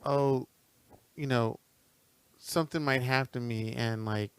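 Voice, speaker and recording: A man's voice: medium pitch, measured pace, clear, resonant tone. A man co-hosting a podcast, mostly listening with short agreements and asking probing follow-up questions in a casual way. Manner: steady backchannel, supportive, probing questions. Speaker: podcast co-host.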